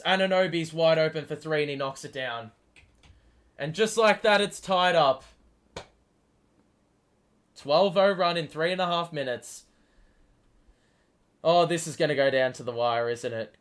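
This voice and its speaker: A man hosting a live basketball watchalong stream, giving play-by-play and swearing freely as he argues with the players. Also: on the high side. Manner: excitable, swears often, talks back at the players. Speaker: host. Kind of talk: live sports watchalong commentary.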